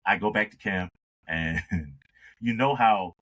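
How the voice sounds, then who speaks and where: A man, a singer telling an animated story in a conversation and acting out the dialogue. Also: fairly low pitch, slow pace, slightly rough, low-quality recording. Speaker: singer, interview guest.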